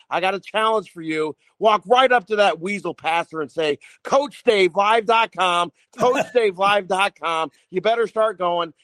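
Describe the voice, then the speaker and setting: Emphatic high-voiced male caller, dry sound. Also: no echo. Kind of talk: call-in remarks. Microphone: phone from the road.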